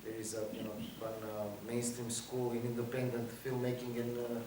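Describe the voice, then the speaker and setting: A man's voice: medium pitch, completely flat delivery, moderate pace, warm tone. Hesitant man in an echoey hall. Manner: hesitant, many fillers. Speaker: interviewer. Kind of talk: moderating a Q&A. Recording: echoey hall, voice from far off, faint noise.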